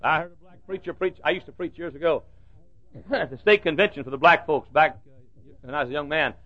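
A man's voice: a little high, brisk, dry recording. An older man preaching a sermon with humorous storytelling and rhythmic repetition, in a muffled lo-fi recording.

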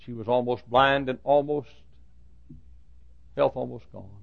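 A man in his fifties preaching a sermon, dropping to a hushed storytelling voice and then rising to fervent shouts. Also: medium pitch, fairly even intonation, measured pace, gravelly, no echo, muffled recording. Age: 50s. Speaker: pastor.

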